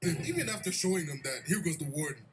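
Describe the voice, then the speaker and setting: A young man hosting an anime recap, telling the story in a slangy, animated way. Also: a little high, fast, a little hiss or hum. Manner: slangy, animated, laughing at his own story. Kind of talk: casual storytelling commentary.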